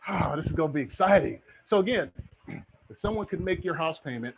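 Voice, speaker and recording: A middle-aged man with a slightly high voice teaches a live online real estate webinar. He is energetic and motivational and keeps checking in with his viewers. The audio is dull and lo-fi, like a computer mic, with faint background noise. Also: a little fast.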